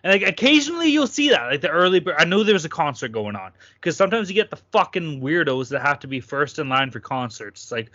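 Bright, hyped-up male podcast host. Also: on the high side, animated, quick pace, hardly any pauses, no echo, muffled recording. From Toronto, Canada. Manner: loud, hyped, swearing freely. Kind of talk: casual podcast banter.

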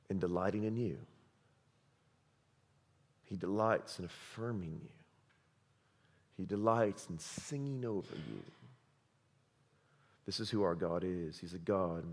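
A man preaching a sermon as pastor, impassioned, swinging between loud urgent passages and hushed quiet ones. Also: fairly low pitch, long reverb tail.

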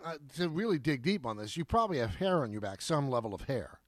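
A man co-hosting a podcast in casual, indignant chat. His pitch swings widely as he talks, and the recording is dry and close. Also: sing-song, quick pace, no echo. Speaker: podcast co-host.

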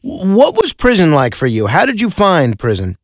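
A male host who reacts with quick interjections and short questions. His delivery moves up and down in pitch. The sound is dry and close. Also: huge pitch swings, dry recording.

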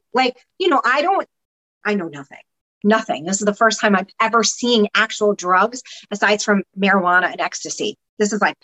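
Woman guest, mid-range pitch, bright and forceful tone; casual, animated storyteller who swears freely. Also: low-quality recording. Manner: animated, acts out voices of others, swears casually. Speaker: podcast guest. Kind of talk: candid personal storytelling.

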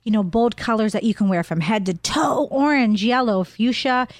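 A woman's voice: a little high, moderate pace, no room sound. A woman co-hosting an entertainment radio show in a bubbly, enthusiastic way. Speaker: radio co-host. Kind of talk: chatty entertainment radio banter.

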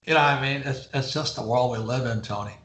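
An older man, an author guest in a casual interview, talking in a slow, musing way that trails off quietly. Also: mid-range voice, echoey room, a little hiss or hum.

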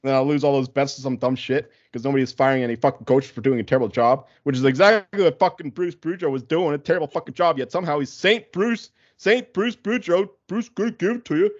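A man's voice: medium pitch, fast, few pauses, dry recording, dull audio. A man on a sports podcast, ranting casually and swearing a lot. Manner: profane, ranting, animated. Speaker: podcast co-host.

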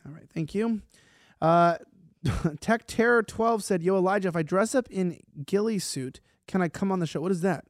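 A man co-hosting a casual online talk show, joking fast and cutting in. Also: high voice, no echo, clean studio sound. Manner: rapid, jokey, interrupting. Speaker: co-host. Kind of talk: casual chat.

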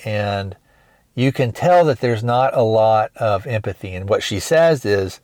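A man's voice: on the low side, lively intonation, measured pace, darkish tone, no room sound. A man hosting a podcast, retelling a film plot in a rambling, hesitant way with many restarts. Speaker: podcast host. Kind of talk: casual movie review recap.

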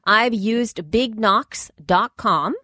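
A woman's voice: a little high, drawn-out words, pushed and bright, no echo, clean studio sound. A woman co-hosting a podcast in casual chat, reading out listener messages in a rambling, chatty way. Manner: chatty, rambling with restarts and laughs. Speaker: podcast co-host.

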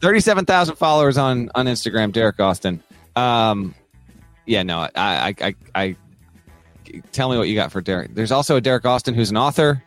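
A man's voice: medium pitch, expressive, fairly quick, a bit bright, soft background music. A man from Mississippi co-hosting a casual sports podcast, laughing often and restarting his sentences. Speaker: podcast co-host.

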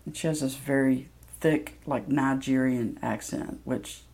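A woman's voice: very deep voice, fairly even intonation, unhurried, dark tone. A woman from Mississippi, candidly telling a personal story with plenty of ums. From Mississippi, USA. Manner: candid, self-deprecating, loose with fillers.

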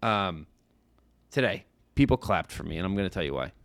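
A man in his thirties co-hosts a podcast, his low voice moving a little fast with no room sound. He tells a casual story with animation, acting out the voices of people he overheard.

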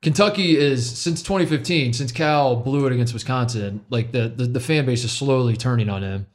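A man's voice: mid-range voice, moderate pace. A man from Ohio co-hosting a sports podcast, chatting casually and with animation. He stumbles and repeats words as he gets going, and laughs often along the way.

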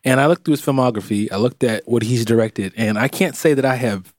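A man co-hosting a podcast, teasing his partner and thinking aloud in an easy chat. His pitch is ordinary and middling. The recording is close and dry, with little room sound. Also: brisk, no echo. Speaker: podcast co-host. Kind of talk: casual chat. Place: podcast studio.

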